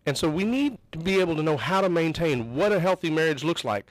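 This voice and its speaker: A man's voice: a little high, expressive, fast, no echo, rough recording. A man hosting an interview, explaining and asking questions earnestly. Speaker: host.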